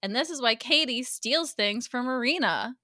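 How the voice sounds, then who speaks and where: A woman's voice: on the high side, normal speed, no echo, clean studio sound. A woman co-hosting a podcast, recapping a TV episode in casual chat and acting out the characters' lines as she goes. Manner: animated storyteller, acts out characters' lines.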